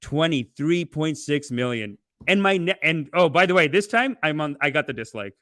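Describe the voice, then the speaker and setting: Male streamer, animated ranting with sudden outbursts, dry close mic. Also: on the high side, moderate pace, no echo. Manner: animated, swings between loud outbursts and muttering. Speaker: livestream host. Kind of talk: casual livestream chat reading donations.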